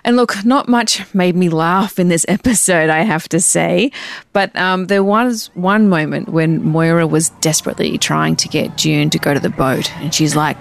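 A woman's voice: lowish voice, normal speed, creaky, no echo. A woman guest on a podcast, joking and chatting casually. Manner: joking, animated quoting. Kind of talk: casual chat.

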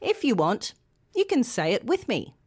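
A woman's voice: fairly high pitch, wildly swooping pitch, normal speed, a little mellow, breathy edge. A woman presenting a pronunciation lesson, carefully modelling words for learners to repeat. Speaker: English pronunciation teacher.

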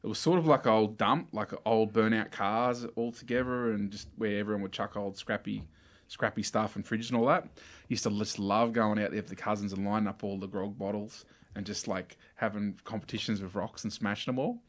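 An Australian man telling childhood stories in a relaxed, casual chat full of slang. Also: fairly low pitch, a little fast. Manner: relaxed storytelling with slang and laughs.

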